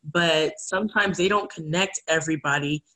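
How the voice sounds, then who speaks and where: A woman's voice: low-pitched, moderate pace, bright, forceful tone, poor audio. A woman guest speaking earnestly in a casual interview, acting out the voices of people she quotes. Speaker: guest, community advocate.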